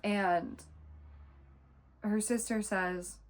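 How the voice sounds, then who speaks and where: A woman's voice: medium pitch, moderate pace, creaky. Exasperated woman ranting about a book. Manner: exasperated, ranting, swears freely; expressive, emphatic. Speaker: book reviewer. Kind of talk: casual vlog book review.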